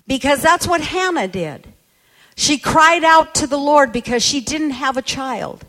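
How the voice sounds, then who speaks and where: A woman's voice: sits high, animated, measured pace, sharp tone. A woman preacher telling a story in a sermon, emphatic and quoting people as she goes.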